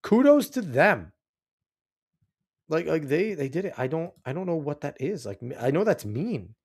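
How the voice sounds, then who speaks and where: A man hosting a commentary show, reacting to video clips with mocking, profane asides. His pitch sits a little high and swings widely as he talks. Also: very animated, normal speed, a little mellow, slightly rough. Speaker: host.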